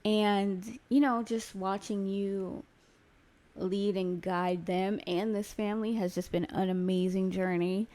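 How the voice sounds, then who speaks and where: A woman in her thirties co-hosts a casual podcast chat in a warm, chatty, heartfelt way. Her voice sits at an ordinary middle pitch. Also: steady tone, takes it slowly. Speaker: podcast co-host.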